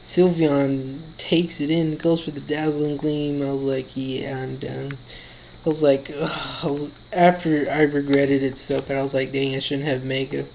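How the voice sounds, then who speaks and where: Tired man giving flat play-by-play. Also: mid-range voice, gravelly, a little hiss or hum, poor audio. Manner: quick, relaxed play-by-play, quotes his own thoughts. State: tired, yawning. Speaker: gaming commentator. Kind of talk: casual battle commentary.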